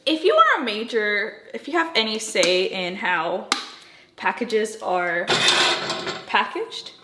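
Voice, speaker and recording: Speaking slowly at a medium pitch with big swings in her voice, a young woman chats and rambles through a casual cooking vlog, making self-deprecating remarks. The audio is very noisy, with echo and loud sizzling and stirring in her kitchen.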